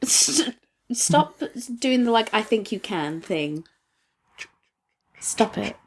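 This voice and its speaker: A woman's voice: medium pitch, sing-song, slow, breathy edge. A self-conscious woman player, apologetic and hesitant in casual banter. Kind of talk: casual tabletop game banter.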